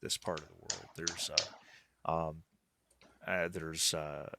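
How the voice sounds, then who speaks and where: A man's voice: a bass voice, level tone, takes it slowly, creaky, very noisy. A man narrating as game master for a tabletop game, talking casually with many fillers and restarts.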